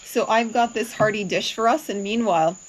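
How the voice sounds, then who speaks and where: A woman's voice: mid-range voice, a little fast, slight background noise, low-quality recording. A woman chatting in a cheerful, easygoing way as a travel vlogger, recorded outdoors on an action camera. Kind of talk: casual chat. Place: outdoors in a rural mountain garden.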